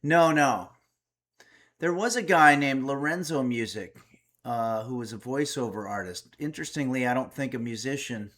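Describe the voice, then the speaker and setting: A man's voice: medium pitch, moderate pace, fairly bright tone. A man hosting a casual home livestream, reading viewer messages aloud and answering with wry, chatty remarks. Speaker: streamer and cooking host.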